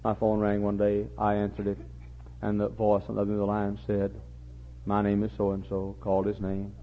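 An older man preaching a sermon, repeating his phrases and building to impassioned, near-shouting peaks. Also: lowish voice, monotone, brisk, slight background noise. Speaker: pastor. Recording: muffled lo-fi recording.

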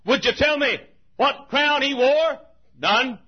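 A male preacher with a husky voice delivers a slow revival sermon, swinging between booming shouts, hushed asides, and sing-song chants. The audio sounds dull.

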